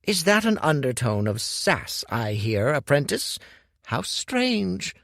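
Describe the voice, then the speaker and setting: A man's voice: a little high, sing-song, takes it slowly, vocal fry, a bit bright, dry recording, clean studio sound, pitched above the performer's own voice, heavily acted. A man voicing a fussy, pompous male alchemist master who makes indignant, theatrical exclamations. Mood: teasing.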